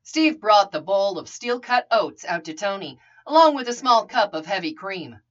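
A woman narrating a story in an expressive reading voice. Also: medium pitch, normal speed, dull audio. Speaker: reader.

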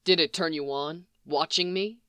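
A narrator reading a brusque, commanding young man in a low, murmured voice, without a big change from their own voice. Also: steady tone, moderate pace, bright, forceful tone, clear, resonant tone, dry recording, close to an everyday voice. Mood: hushed. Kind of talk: audiobook reading of fan fiction.

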